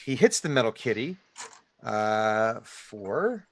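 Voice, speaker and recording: A man's voice: fairly low pitch, big pitch swings, takes it slowly, noisy background. A man running a tabletop game as dungeon master, with a Delaware Valley accent, rambling with frequent restarts and laughs.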